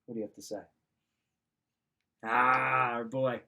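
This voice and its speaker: A man's voice: medium pitch, flat delivery, a little slow, pushed and bright. A middle-aged man coaching listeners in an emphatic, direct motivational talk. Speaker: wrestling mindset coach.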